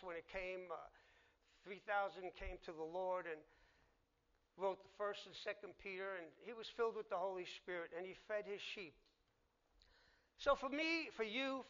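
High, bright-voiced male preacher. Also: dull audio. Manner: conversational preaching, acts out dialogue. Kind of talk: sermon.

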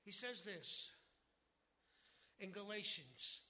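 High, bright-voiced man preaching a sermon. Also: moderate pace, dull audio. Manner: preaching with emphatic, animated delivery and acted-out voices. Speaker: pastor.

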